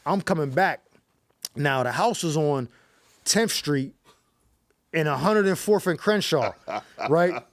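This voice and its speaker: Brief: male comic from Pittsburgh, lively profane storytelling, slightly high voice, dry studio sound. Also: takes it slowly, pauses often, no echo. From Pittsburgh, USA. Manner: animated, profane, slangy storytelling. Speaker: comedian guest. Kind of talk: comedic storytelling on a talk show.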